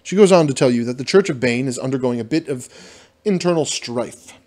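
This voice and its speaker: A man reading a solo fantasy adventure aloud as dungeon master, in an ordinary mid-range voice. He trips over the fantasy names and laughs at himself in quick asides. The reading itself is steady and plain. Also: mid-range voice. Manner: self-deprecating, stumbles over fantasy names.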